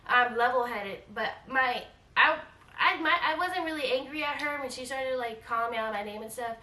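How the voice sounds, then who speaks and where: Animated woman telling a storytime in an echoey room. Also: a little high, moderate pace, far from the mic. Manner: animated, repeats herself, acts out quoted lines. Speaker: travel vlogger. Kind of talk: casual storytime vlog. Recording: echoey room, voice a bit off-mic.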